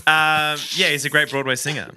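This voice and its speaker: A man co-hosting a film podcast, throwing in quick teasing banter. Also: on the high side, little pitch movement, pushed and bright, slight background noise. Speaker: podcast co-host. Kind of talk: casual chat about a film.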